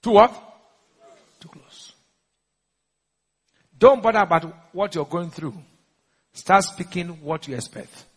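Emphatic Nigerian preacher in an echoey hall. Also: male voice, sits high, animated, takes it slowly, pauses often, breathy edge. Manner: emphatic call-and-response preaching. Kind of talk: sermon. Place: church.

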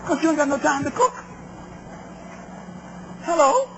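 Emphatic preacher, male, very high pitch, muffled recording with noise. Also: lively intonation, a little slow. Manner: emphatic, call-and-response with the crowd. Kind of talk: sermon on relationships.

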